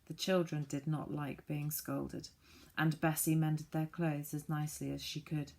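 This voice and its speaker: A woman reading a children's storybook aloud, gently voicing the characters. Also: deep voice, level tone, a little slow, gravelly. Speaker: audiobook reader.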